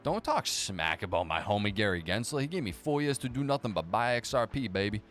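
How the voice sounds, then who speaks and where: Low-voiced male streamer, loose and profane, riffing on chat with faint background music. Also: big pitch swings, fairly bright tone. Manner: profane, sarcastic, fast banter. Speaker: livestream host reading viewer chat. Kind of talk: casual live chat.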